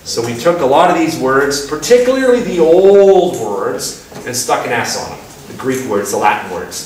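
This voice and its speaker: A man's voice: medium pitch, sing-song, moderate pace, a little mellow. A man giving a casual, playful public talk to an audience, joking at his own expense and acting out little exchanges. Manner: playful and self-mocking, acts out little dialogues. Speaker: guest speaker at a talk event. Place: lecture room with an audience. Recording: very echoey room, distant mic, faint hiss.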